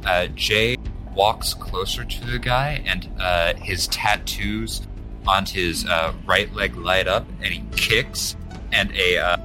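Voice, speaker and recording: A man's voice: low-pitched, slow, over music. A man playing in a tabletop game, describing his moves casually with many fillers. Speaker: player.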